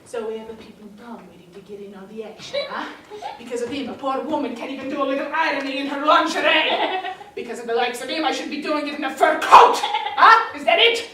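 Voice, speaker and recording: Actress playing excitable Italian housewife. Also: female voice, high voice, a little fast. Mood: indignant. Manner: broken English, chatty and theatrical. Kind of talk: stage monologue. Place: theater stage. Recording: distant, echoey live theater recording.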